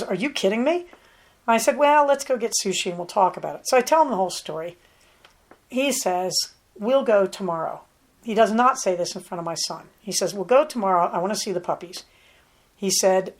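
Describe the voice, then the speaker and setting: Chatty woman telling a rambling story. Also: mid-range voice. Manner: chatty, rambling, with asides to her dog. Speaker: podcast host. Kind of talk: casual storytelling monologue. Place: at home on a ranch.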